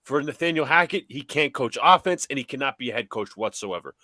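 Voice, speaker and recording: Animated man arguing sports takes. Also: medium pitch, brisk, no room sound. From New York area. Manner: argumentative, emphatic, repeats points for effect. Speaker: podcast host.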